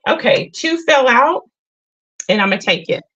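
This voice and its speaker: A woman hosting a casual spiritual livestream, talking unhurried and earnest, with many filler sounds. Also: high voice, lively intonation, sharp tone, breathy edge, dull audio. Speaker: livestream host.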